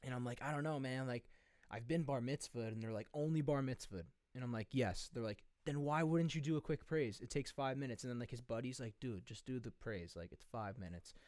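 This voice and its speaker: A man's voice: medium pitch, a little fast, darkish tone, no room sound, studio quality. A young man in his twenties, a podcast co-host, telling a rambling story with lots of swearing. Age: 20s. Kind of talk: casual chat.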